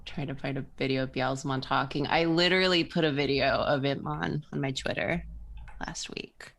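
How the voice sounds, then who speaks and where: A woman co-hosting a casual drawing stream, relaxed, giving short replies and laughing often. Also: rumbling low, moderate pace. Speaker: co-host.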